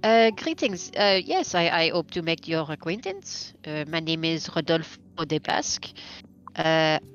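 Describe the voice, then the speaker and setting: A woman's voice: sits low, sing-song, measured pace, highs cut off. A woman voicing a courteous adventurer who speaks formally and hesitantly. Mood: polite. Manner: polite, formal, hesitant with many fillers.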